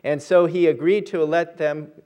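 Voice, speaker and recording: A man's voice: on the high side, fairly even intonation, moderate pace, a little mellow. A pastor, a man, leading a prayer and telling an illustrative story in an earnest sermon.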